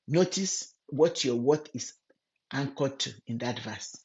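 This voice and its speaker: A woman giving a gentle, earnest devotional Bible teaching, speaking directly to the listener as a friend. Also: a bass voice, slow, highs cut off. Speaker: Christian women's ministry teacher.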